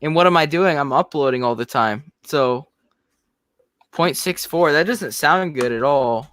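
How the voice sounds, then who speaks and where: A man's voice: on the high side, a little slow, fairly bright tone. A man chatting casually on a livestream, blunt and self-deprecating. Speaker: guest on the stream. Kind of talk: casual chat.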